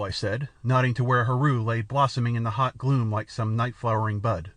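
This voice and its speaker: A man narrating an adventure novel in a measured, even storytelling manner. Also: medium pitch, no echo. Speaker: audiobook narrator.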